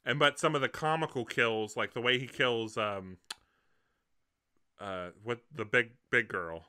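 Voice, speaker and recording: A man with a very bright, sharp, forceful voice, chatting casually. He rambles, hedges and restarts his sentences as he goes. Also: medium pitch, measured pace, clear, resonant tone. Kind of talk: casual film discussion.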